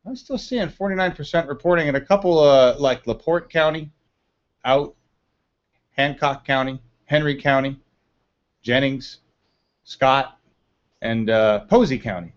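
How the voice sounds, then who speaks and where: A man's voice: medium pitch, measured pace, long pauses. Chatty man hosting a lo-fi livestream. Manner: chatty, laughs often, reads chat aloud. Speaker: livestream host. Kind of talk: casual live-stream commentary. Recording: dull lo-fi stream audio.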